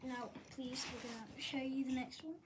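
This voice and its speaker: A woman with a high voice hosts a casual vlog chat. She fires off short, brisk questions and moves quickly from one to the next. Clear background noise runs under her voice. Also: fairly even intonation. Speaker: vlog host.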